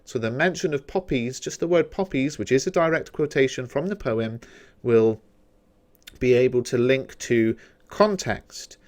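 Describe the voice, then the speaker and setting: Man, British accent, teacher, revision lesson, steady explanatory delivery, mid pitch. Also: measured pace. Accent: British English. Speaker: English teacher.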